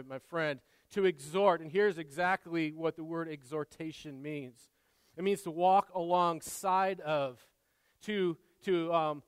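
A man, a father, preaching a sermon in an earnest way, repeating words and moving between soft asides and loud emphasis. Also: on the high side, clear, resonant tone, no room sound, big-room sound. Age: adult father. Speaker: pastor.

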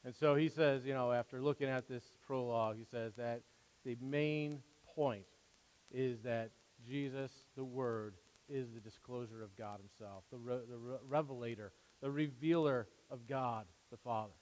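A man preaching a sermon as pastor, earnest, with emphatic rises and quieter asides. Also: medium pitch, moderate pace. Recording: long hall reverb.

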